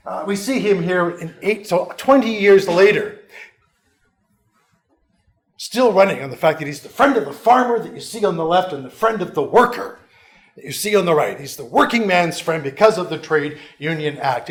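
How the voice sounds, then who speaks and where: A middle-aged man giving a conversational history lecture to a union audience, with wry, self-mocking asides. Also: fairly high pitch. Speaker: history professor, guest lecturer.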